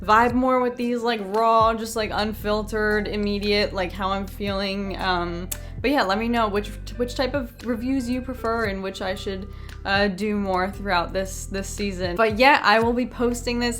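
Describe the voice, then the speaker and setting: A woman's voice: medium pitch, level tone, a little slow, a bit bright, soft background music. A woman giving a chatty, unscripted episode review in a tired late-night voice, gushing and saying "like" a lot. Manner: chatty and gushing, with many filler "like"s.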